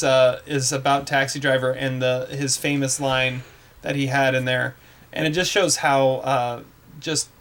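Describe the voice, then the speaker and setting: A man's voice: medium pitch, fairly bright tone. A man hosting a casual movie podcast, rambling with many fillers and restarts. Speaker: podcast host.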